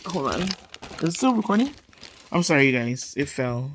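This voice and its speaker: A woman's voice: deep voice, big pitch swings, moderate pace, noisy background. Giggly, rambling woman vlogging from home. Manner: rambling, giggly, lots of fillers. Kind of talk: casual chatty haul vlog.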